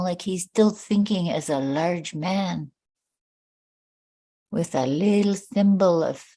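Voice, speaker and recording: A woman storyteller telling a traditional tale, slow and unhurried. Her voice sits low and mellow, and she talks conversationally, turning to her listeners with asides.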